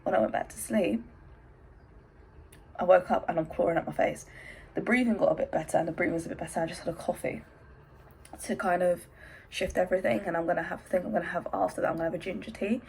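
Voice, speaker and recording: Chatty English woman with a gravelly voice. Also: on the low side, fairly even intonation, fast, long pauses, a little mellow, a little hiss or hum, rough recording. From England. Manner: chatty, rambling, self-interrupting. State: hay fever, out of breath and sneezy. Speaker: vlogger. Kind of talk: casual chatty vlog. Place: bedroom at home.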